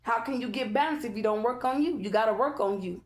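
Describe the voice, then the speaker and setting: This tarot reader talks fast in a slightly high voice, keeping her casual spiritual reading chatty. She leans emphatic and preachy and keeps asking "okay?"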